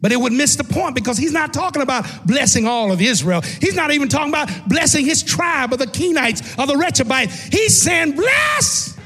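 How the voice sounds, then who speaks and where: A man preaching a sermon as pastor, dropping to low murmurs and rising to shouted, half-sung peaks. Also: expressive, a little fast, hardly any pauses, breathy edge, long reverb tail, soft background music.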